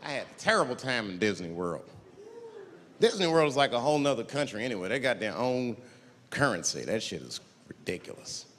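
A young adult man doing a stand-up comedy set, telling profane stories and acting out characters in loud, high voices. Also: big pitch swings, a little fast, big-room sound, slight background noise.

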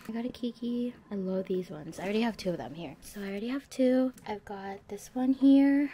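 A woman talks through a casual home vlog at a middle pitch, easygoing and chatty, sometimes sinking into a near-whisper. A clear hiss of background noise sits under the recording. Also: moderate pace, warm tone. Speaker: vlogger.

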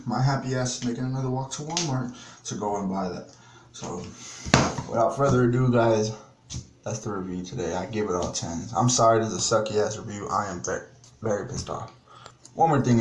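A man's voice: lowish voice, fairly quick. A man ranting in a casual product review vlog, profane and exasperated, rambling as he talks. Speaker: vlogger. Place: small home bathroom. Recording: echoey bathroom with background noise.

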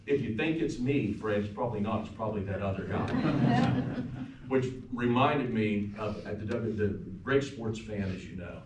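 Pastor giving a funeral eulogy in an echoey room. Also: male voice, mid-range voice, moderate pace, recorded from a distance, noisy background. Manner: storytelling, warm anecdotes, turns soft and quiet at times. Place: funeral home chapel.

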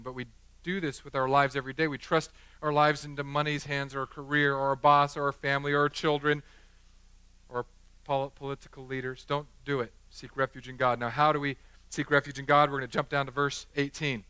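Man, pastor, sermon, earnest yet chatty storytelling, high pitch, dry close sound. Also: sharp tone, dry recording. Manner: earnest preaching mixed with casual storytelling. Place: church.

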